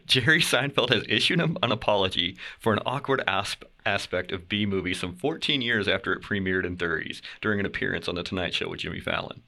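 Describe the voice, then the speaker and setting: A man co-hosting a podcast, reading news stories aloud with many pauses and fillers. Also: on the low side, gravelly, pushed and bright. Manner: hesitant, many fillers and restarts. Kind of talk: casual chat.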